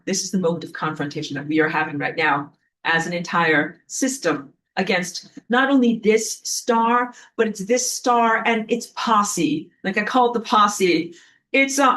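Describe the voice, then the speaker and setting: A woman, a spiritual teacher, gives a casual spoken lesson that's loose and chatty, full of fillers and restarts. She's animated, acting out quoted voices by raising her pitch.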